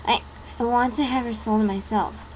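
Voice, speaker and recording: A woman voicing a calm teenage boy who speaks softly and reassuringly. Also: a little high, normal speed, slight background noise, close to an everyday voice, rough recording. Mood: soothing.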